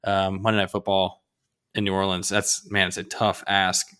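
A man co-hosting a casual podcast, talking in a relaxed, teasing way with fillers. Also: low-pitched, normal speed, clean tone. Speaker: podcast co-host. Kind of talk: casual sports and movie chat.

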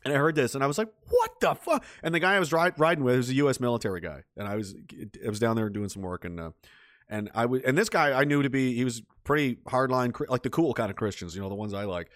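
A man's voice: mid-range voice, lively intonation, fast talker, a bit bright, no echo, studio quality. A man who talks in a rambling, heated way, swearing often and restarting his sentences. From Canada. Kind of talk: casual ranting monologue.

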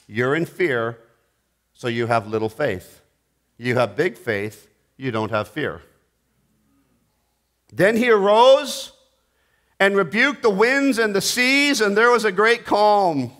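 Brief: middle-aged man, preacher, higher voice, slow and theatrical delivery. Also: animated. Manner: dramatic, swinging between loud bursts and hushed asides. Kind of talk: sermon.

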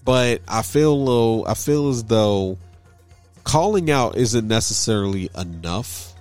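A man co-hosting a casual chat, talking in an earnest, measured way and restarting phrases. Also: lowish voice, expressive, darkish tone, clear, resonant tone, faint music behind.

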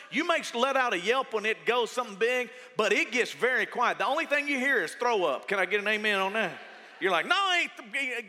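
A middle-aged man preaching a sermon as pastor, telling stories with lively energy and shouting at the peaks. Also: very high-pitched, long reverb tail. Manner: animated storytelling, shouting at peaks.

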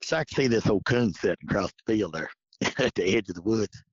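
Brisk and expressive, a man with a fairly low, breathy-edged voice tells a folksy hunting story as a guest, wandering through it and performing each person's words. The recording is dull and lo-fi, with no echo.

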